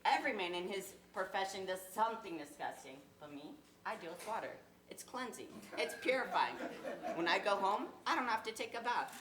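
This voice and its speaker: A woman's voice: medium pitch, lively intonation, brisk, natural voice. A girl playing a cheeky waterfront hustler. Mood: animated. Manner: wheedling, salesman-like patter. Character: a young male waterfront hustler, pushy and cheeky. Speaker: student actor. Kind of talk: school stage play. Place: school theater stage. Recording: echoey stage from far off, faint noise.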